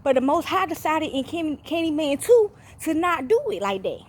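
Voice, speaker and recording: A woman talking straight to her viewers in a rambling, profane monologue. She repeats herself, stops often to ask "okay?", and gets louder and higher when she is excited. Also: normal speed. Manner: profane, repetitive, often checks in with 'okay?'. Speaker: channel host.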